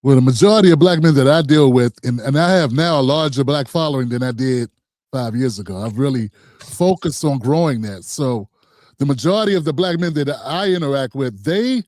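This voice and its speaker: A man speaking as a guest on a casual political talk show, answering in a calm, measured way. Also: mid-range voice, dry recording.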